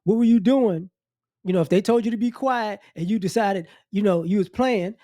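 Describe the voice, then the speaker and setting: A man with a high-pitched voice delivering a blunt, scolding opinion rant. He talks straight at his listeners and mocks the people he criticizes. He often circles back and repeats his points for emphasis. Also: moderate pace, warm tone, dry recording, clean studio sound. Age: adult. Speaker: commentary channel host.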